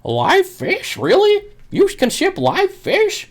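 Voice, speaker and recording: A man's voice: extremely high pitch, wildly swooping pitch, slow, pitched above the performer's own voice, exaggerated voice. A man mimicking a baffled young woman customer, speaking in squealing, exaggerated disbelief. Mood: amazed disbelief.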